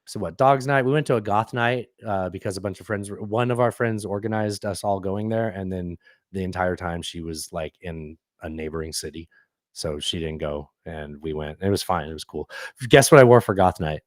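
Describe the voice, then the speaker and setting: A man's voice: low-pitched, normal speed, no echo, clean studio sound. A man in his forties co-hosting a podcast, telling rambling, profane stories in casual chat. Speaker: podcast co-host.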